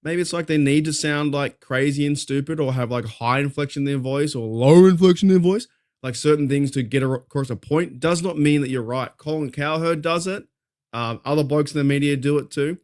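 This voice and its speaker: A man's voice: fairly high pitch, brisk, a little mellow. A man with an Australian accent hosting a casual fan talk show, fired up and rambling, swearing freely as he vents. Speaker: podcast host.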